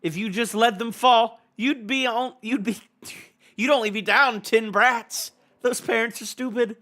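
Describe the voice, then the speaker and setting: Man reading cruel male villain, sneering, gloating, high voice, bright tone. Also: fairly even intonation, unhurried, full character voice. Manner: sneering, relishing others' doom.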